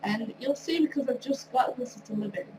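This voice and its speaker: Woman, nasal from a cold, loose rambling gameplay chat; voice sits higher, recorded off-mic. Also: normal speed. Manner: rambling, chatty, laughs often. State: recovering from a cold, tired. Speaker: video creator. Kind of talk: casual commentary over gameplay. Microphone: wrong mic, far from speaker. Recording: distant mic with clear hum.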